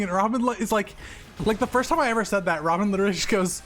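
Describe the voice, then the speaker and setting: A man streaming games, chatting casually with friends on a call, loud and animated, swearing freely. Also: high-pitched, fast, soft background music. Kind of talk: casual chat while gaming.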